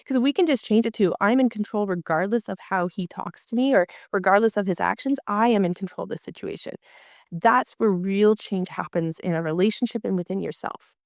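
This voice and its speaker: A woman marriage coach, appearing as a guest in a conversation, animatedly explains her methods and acts out inner voices along the way. Her mid-range voice is brisk, with clean studio sound and no room sound.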